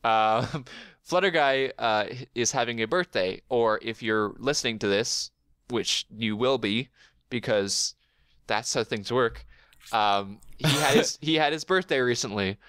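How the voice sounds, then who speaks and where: A man's voice: mid-range voice, measured pace, fairly bright tone, clear, resonant tone, no room sound, studio quality. A young man hosting a casual podcast, joking and rambling with lots of fillers. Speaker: podcast host. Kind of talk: casual chat.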